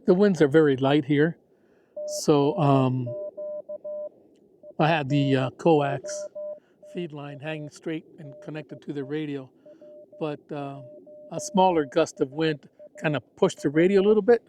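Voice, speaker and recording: A man with a somewhat high but mellow voice chats in an easygoing, self-deprecating way about his radio setup. He is recording outdoors in the desert. A faint hiss of wind and open air sits under his voice. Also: unhurried, pauses often. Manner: relaxed, chatty, self-deprecating. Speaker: ham radio operator. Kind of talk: casual outdoor vlog narration.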